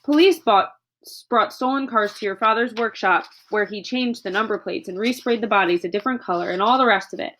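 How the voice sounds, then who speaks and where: A woman reading aloud, voicing a kind schoolteacher who speaks softly and calmly. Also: mid-range voice, fairly quick, slight background noise, natural voice. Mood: gentle. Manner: soft and calm.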